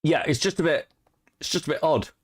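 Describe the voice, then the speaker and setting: A man's voice: fairly high pitch, a little fast. A man co-hosting a live stream, chatting casually, swearing and laughing, often restarting his sentences. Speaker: stream co-host.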